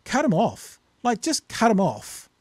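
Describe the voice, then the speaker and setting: A man's voice: high-pitched, huge pitch swings, measured pace, darkish tone, dry recording. A man with a New Zealand accent co-hosting a casual political chat, blunt and swearing freely as he gets heated. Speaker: podcast co-host.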